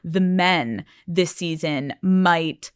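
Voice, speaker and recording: A woman hosting a podcast interview, asking gentle, measured questions. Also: lowish voice, smooth, dry recording, clean studio sound. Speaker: podcast host.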